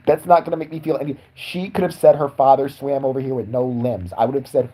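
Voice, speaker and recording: A man's voice: mid-range voice, wildly swooping pitch, moderate pace, dark tone, breathy edge, rough recording. A young man ranting in a crude, sarcastic, profane way as a podcast host. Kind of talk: crude comedic rant.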